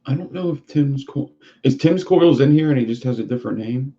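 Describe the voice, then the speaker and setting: A man's voice: mid-range voice, expressive, brisk, warm tone. A man hosting a casual livestream chat who rambles and swears freely. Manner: profane, rambling. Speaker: livestream host. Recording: dull lo-fi sound.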